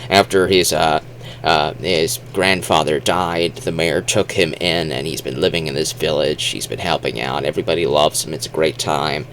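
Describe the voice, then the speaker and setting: A man's voice: very deep voice, fairly even intonation, normal speed, fairly bright tone, slight background noise. A man giving casual spoken commentary as a video host, rambling with restarts and fillers. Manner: acts out silly exaggerated quotes.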